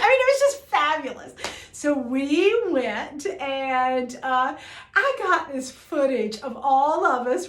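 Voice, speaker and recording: A woman's voice: a little high, fairly bright tone, reverberant. A woman, a jewelry business owner telling a story casually to the camera with lots of fillers and restarts. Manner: chatty, uses y'all, many fillers and restarts.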